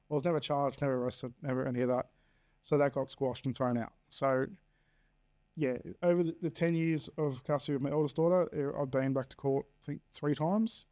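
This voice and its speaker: An Australian man in his thirties appears as a podcast guest, candidly and bluntly telling his personal story. He swears freely and acts out quoted dialogue in a mellow, medium-pitched voice.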